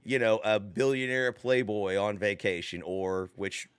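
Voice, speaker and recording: A man's voice: lowish voice, unhurried, smooth, no echo. A man co-hosting a podcast, chatting casually and recapping film scenes with rambling asides. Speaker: podcast co-host.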